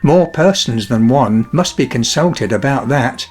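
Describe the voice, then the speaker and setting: A man voicing a cheerful, fearless young scholar in a fairy tale, speaking briskly and calmly. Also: medium pitch, husky, soft background music. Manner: bright, brisk and calm.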